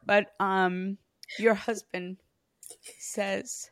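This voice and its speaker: A woman medium giving a reading in an earnest voice that sinks to a hush when she relays messages. The sound is dry and close, with no room around it, and her pitch sits in a middle range. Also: normal speed, dry recording. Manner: earnest, relays messages in soft hushed passages. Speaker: psychic medium. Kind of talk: spirit reading session.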